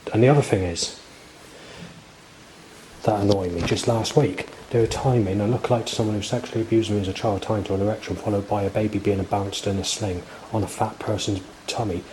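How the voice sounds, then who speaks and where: Brief: man in his 40s, lowish voice, agitated, ranting and swearing, loud street noise behind. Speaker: vlogger. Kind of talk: rambling spoken monologue.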